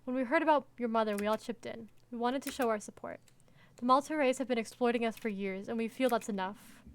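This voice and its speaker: A woman's voice: a little high, quick pace, close to an everyday voice. A woman voicing a fiery middle-aged male union worker. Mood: earnest. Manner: earnest, rallying speech.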